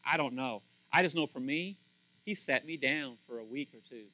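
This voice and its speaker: A male pastor preaching a sermon in an animated, conversational way, often repeating words and acting out what others say. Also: mid-range voice, normal speed, no room sound, poor audio.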